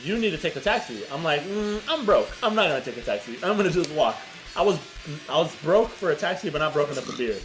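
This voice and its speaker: Animated man telling a story. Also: a little high, quick pace, over music, low-quality recording. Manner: animated, swearing, laughing storyteller. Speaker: podcast co-host. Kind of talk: casual chat, storytelling.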